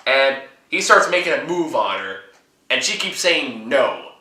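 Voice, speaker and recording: A man's voice: medium pitch, sing-song, unhurried, sharp tone, reverberant. A man hosting a casual movie review chat, laughing often and ranting with plenty of swearing. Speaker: host.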